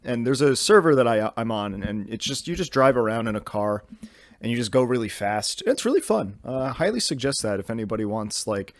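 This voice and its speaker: A man's voice: mid-range voice, no room sound. A young man hosting a podcast from his bedroom, rambling casually with lots of fillers and restarts. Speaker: podcast host.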